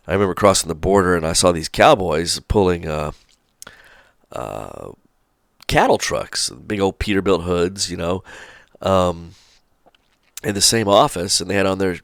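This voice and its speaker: A low, gravelly-voiced man rambles through casual commentary, full of fillers and folksy asides. The sound is close and dry, with no room around it. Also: dry recording. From Charleston, South Carolina. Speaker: trucking channel host.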